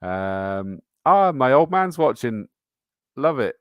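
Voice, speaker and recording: A man's voice: medium pitch, big pitch swings, slow pace, clean tone, dry recording. A middle-aged man with a chatty, matey manner, hosting a motor racing live stream and reading out viewer comments. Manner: chatty, matey, reads out comments and entry lists. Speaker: host.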